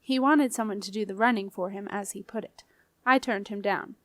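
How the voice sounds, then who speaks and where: A woman's voice: mid-range voice, a little fast, a bit bright, dry recording, natural voice. A woman voicing an earnest, uneasy young man who speaks hesitantly and apologetically.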